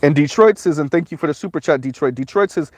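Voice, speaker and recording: A man's voice: a little high, fast, dry recording. A man giving casual livestream commentary, rambling along with frequent "um" fillers.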